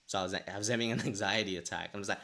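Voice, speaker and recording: A man's voice: fairly low pitch, fairly even intonation, rapid-fire, pushed and bright. A young man co-hosting a podcast, telling a story in casual chat and acting out his own past thoughts. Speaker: podcast co-host.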